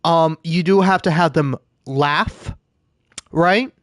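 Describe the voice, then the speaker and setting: A man's voice: on the high side, takes it slowly, fairly bright tone, no room sound, clean studio sound. A man giving profane, ranting gameplay commentary, often laughing at his own jokes. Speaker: gameplay streamer.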